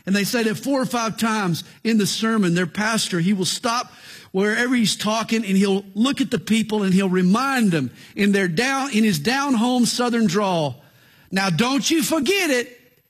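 A middle-aged male pastor delivering a sermon in earnest, emphatic phrasing, slowing down to tell stories. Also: sits high. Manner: earnest, slow emphatic phrasing with storytelling asides.

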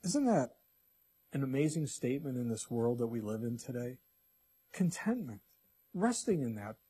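A male pastor preaching a sermon, reading scripture and swinging between loud emphatic lines and hushed ones. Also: medium pitch, big pitch swings, moderate pace, breathy edge.

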